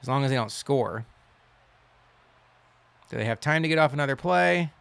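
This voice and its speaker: A man giving casual commentary while playing a football video game, wry and quick to complain, then cheering loudly on big plays. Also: mid-range voice, animated, creaky, smooth, no echo. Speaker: gaming channel host.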